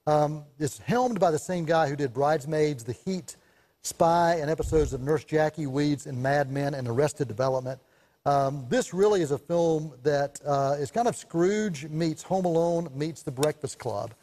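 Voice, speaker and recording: A man co-hosting a casual talk show about movies, chatty and animated, laughing often as he tells stories. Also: a little high, normal speed. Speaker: co-host, film reviewer.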